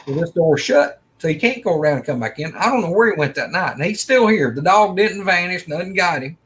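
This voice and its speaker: Middle-aged man, slightly high voice, rambling folksy storyteller. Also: expressive, brisk, slight background noise. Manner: folksy, rambling, acts out quoted lines. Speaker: storyteller of a personal encounter. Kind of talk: casual first-person storytelling.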